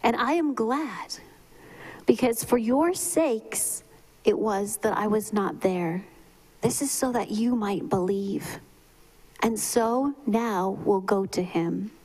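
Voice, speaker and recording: A woman preaching a memorial sermon in a slow, measured way, often dropping to a whisper. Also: mid-range voice, darkish tone, low-quality recording. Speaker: pastor giving a eulogy.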